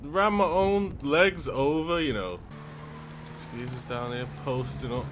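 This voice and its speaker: A male gaming YouTuber giving gameplay commentary, excitable and yelling and swearing at other players. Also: mid-range voice, slow pace, noisy background.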